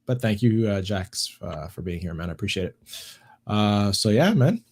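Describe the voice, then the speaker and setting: A man's voice: lowish voice, lively intonation, normal speed, vocal fry, a little mellow. A man co-hosting a casual livestream podcast, chatting loosely and profanely and reading out viewer comments. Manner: loose, profane, reads chat aloud. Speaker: podcast co-host.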